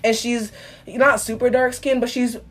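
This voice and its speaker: A young woman in her teens, talking in a casual discussion with quick, animated delivery, often slipping into mimicry of other people. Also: fairly high pitch. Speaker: guest.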